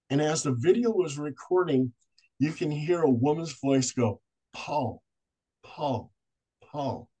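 A man telling ghost stories as a podcast guest. He tells them in an animated way and acts out the voices of the people in them. His pitch sits in the middle for a man. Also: low-quality recording. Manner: animated storyteller acting out voices. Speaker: paranormal investigator guest. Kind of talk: storytelling in a podcast interview.

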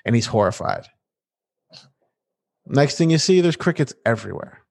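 Animated man recapping a show. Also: medium pitch, normal speed, vocal fry. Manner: animated and playful, with restarts. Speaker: podcast co-host. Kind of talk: casual TV episode recap chat.

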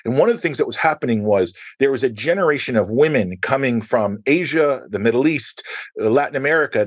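A middle-aged man hosting a podcast, telling stories in an animated way and acting out quoted dialogue. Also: medium pitch, dry recording. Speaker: podcast host. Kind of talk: conversational storytelling.

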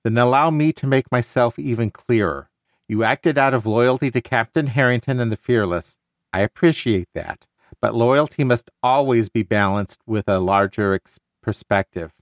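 A man's voice: medium pitch, normal speed, no room sound, lightly acted. Guy reading out a stern lady admiral, plain read, dry sound. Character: stern female naval admiral.

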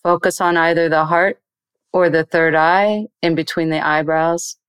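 A woman meditation teacher explaining meditation in an interview and then slowly guiding a breathing exercise in a soothing voice. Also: sits low, fairly even intonation, clean tone, dry recording.

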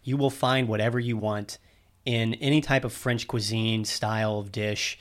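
A man's voice: lowish voice, steady tone, normal speed. A man hosting a podcast, explaining things in a chatty way and teasing himself. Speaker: podcast host. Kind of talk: casual podcast conversation.

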